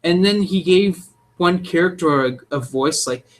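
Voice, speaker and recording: A young man co-hosting a podcast speaks in a fairly high voice during a casual chat, opinionated and animated and making crude jokes as he goes. He talks a little slowly.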